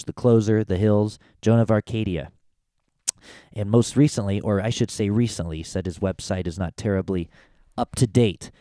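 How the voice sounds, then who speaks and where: Low, mellow-voiced male podcast host. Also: clear, resonant tone, dry recording, clean studio sound. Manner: chatty, rambling, self-correcting. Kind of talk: casual podcast intro and interview. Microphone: studio mic with headphones.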